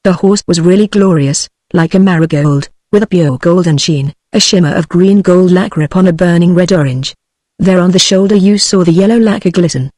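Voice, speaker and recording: A text-to-speech woman's voice with a British English accent, reading a novel aloud in an even, measured way. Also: lowish voice, dry recording. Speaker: narrator. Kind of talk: synthetic audiobook narration.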